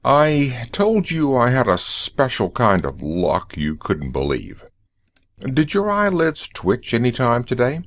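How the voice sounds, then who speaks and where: A man reading the lines of a brisk, wry male shop owner in an audiobook, explaining things in a matter-of-fact, lecturing way. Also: medium pitch, huge pitch swings, no echo, studio quality, exaggerated voice.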